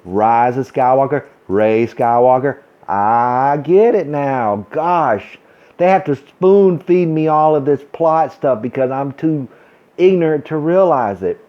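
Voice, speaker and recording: A man ranting in a vlog, thick with sarcasm and exaggerated mock excitement. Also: mid-range voice, measured pace, lo-fi sound. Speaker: vlogger. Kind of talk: sarcastic rant.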